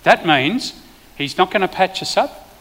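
An Australian man, a preacher and former police officer, telling a vivid testimony in a sermon with sudden loud bursts. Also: high voice, expressive, unhurried, in a large hall.

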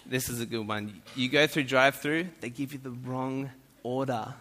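A man's voice: medium pitch, steady tone, moderate pace, noisy background. An Australian man giving a playful, joking talk to an audience in a large hall. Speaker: speaker addressing an audience. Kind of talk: humorous stage talk. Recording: echoey hall.

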